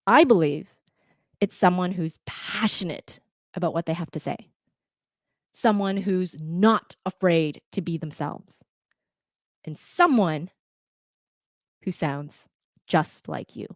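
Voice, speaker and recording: A woman from Canada with a North American accent, a podcast editor talking to listeners in a lively, conversational way with fillers. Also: fairly low pitch, takes it slowly, pauses often, no echo, studio quality. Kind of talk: talk to listeners.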